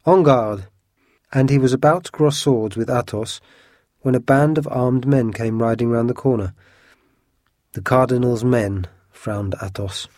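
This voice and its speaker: A man narrating a classic adventure story in an even, measured storytelling manner. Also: medium pitch, dry recording, studio quality. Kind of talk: storybook reading.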